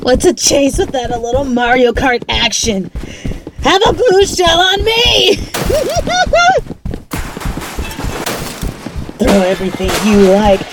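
A woman's voice: fairly high pitch, big pitch swings, normal speed, very noisy. A woman voicing a cocky, mean female bunny villain who taunts and swears in an audio role-play. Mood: taunting. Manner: taunting, mocking, swears a lot.

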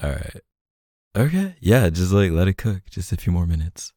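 A young man speaking to the listener as a boyfriend in a role-play, soft-spoken and coaxing, with lots of filler words. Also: low-pitched, very animated, normal speed, no room sound, studio quality.

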